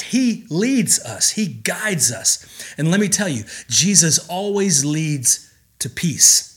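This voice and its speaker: Male pastor, slightly high, bright voice; earnest emphatic sermon delivery with pauses.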